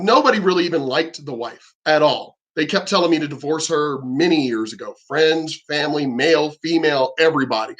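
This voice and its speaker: Male vlogger, high voice, angry profane rant with stammered restarts. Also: a bit bright. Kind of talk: angry ranting monologue.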